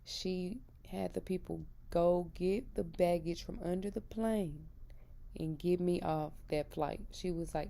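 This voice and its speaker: A woman's voice: fairly low pitch, fairly even intonation, unhurried, gravelly, warm tone. A woman in her thirties giving an earnest, emphatic personal testimony about her faith. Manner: earnest and emphatic, retelling with feeling. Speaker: christian vlogger.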